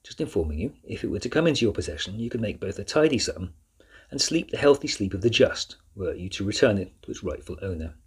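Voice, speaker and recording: A man voicing a scheming aristocratic earl who talks smoothly and turns clipped and curt. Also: fairly low pitch, sing-song, fast, exaggerated voice. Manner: smooth and clipped, snapping through gritted teeth. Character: scheming aristocratic male earl, cold and controlling.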